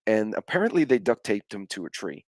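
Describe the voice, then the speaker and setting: A man's voice: lowish voice, big pitch swings, fairly quick, a little mellow, dry recording. A middle-aged man, hosting a casual live stream chat and telling rambling stories with offhand swearing.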